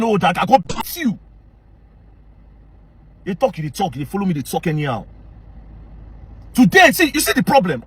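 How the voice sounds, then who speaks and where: Fast, heated Nigerian man ranting. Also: high-pitched, fairly bright tone, husky, dry recording. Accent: Nigerian Pidgin-inflected English. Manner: confrontational, heated, mixes English with Pidgin. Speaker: social media commentator. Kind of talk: angry direct-to-camera rant.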